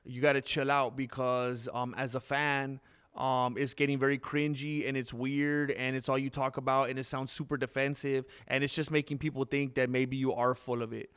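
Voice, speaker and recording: A man hosting a live stream in casual chat, rambling candidly and jumping into high, excited bursts when he thanks viewers. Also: moderate pace, clean tone.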